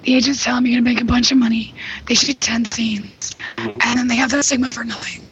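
A woman on a talk panel with a husky, breathy voice, losing her voice. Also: fairly high pitch, fairly even intonation, fairly quick, a bit bright, dull audio. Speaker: panel guest.

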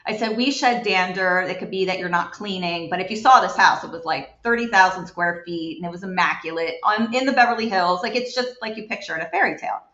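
A woman, a home environmental investigator, telling stories as a guest in an animated, chatty way with many fillers. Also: fairly low pitch, fast, few pauses. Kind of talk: guest storytelling in a chat. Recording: roomy, dull lo-fi sound.

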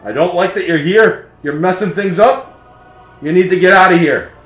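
A man voicing a cranky male coffin construct in a tabletop game, shouting curt lines, recorded in an echoey room. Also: sits high, moderate pace, faint music behind, pitched above the performer's own voice. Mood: irritated. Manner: shouty, curt, prefixes lines with speech type.

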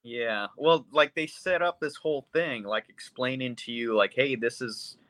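A man's voice: mid-range voice, unhurried, fairly bright tone, no room sound. A man co-hosting a podcast, bluntly and profanely rambling through a casual movie review chat. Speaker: podcast co-host.

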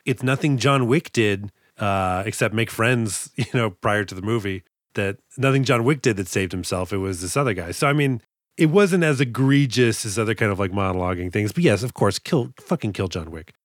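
A man's voice: lowish voice, normal speed, dry recording. Guy cohosting a movie podcast, laughs a lot, rambly asides, dead dry room. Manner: chatty, laughs often, trails into asides. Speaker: podcast co-host. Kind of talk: casual movie discussion.

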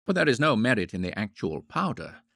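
A man narrating a classic novel in a measured, wry manner. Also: lowish voice, very animated, creaky, fairly bright tone, husky, no echo, clean studio sound. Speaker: audiobook narrator. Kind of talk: scripted narration.

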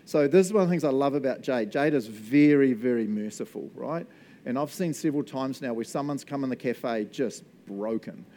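Animated New Zealand preacher, man. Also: mid-range voice, fairly quick, a little hiss or hum. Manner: animated storytelling, laughs often. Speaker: pastor. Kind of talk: sermon.

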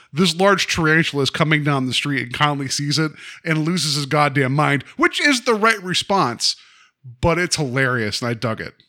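Man, podcast host, rambling animated recap, bright voice, higher pitch. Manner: rambling, animated retelling with frequent laughs. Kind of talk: casual chat.

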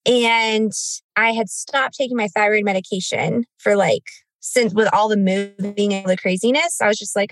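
A woman's voice: medium pitch, fairly even intonation, normal speed, dry recording. A woman in her thirties telling a painful personal story on a podcast, in a chatty way full of fillers and acted-out quotes. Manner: chatty, many "like" fillers, acts out quoted speech. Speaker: podcast guest. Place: outdoors in a cemetery.

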